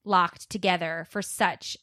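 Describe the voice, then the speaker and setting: A woman in her thirties, a mother, chatting as a podcast co-host and telling stories with lively, dramatic flair. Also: on the low side, unhurried, no echo, clean studio sound. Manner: animated, dramatic storyteller. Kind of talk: casual chat. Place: warm recording room.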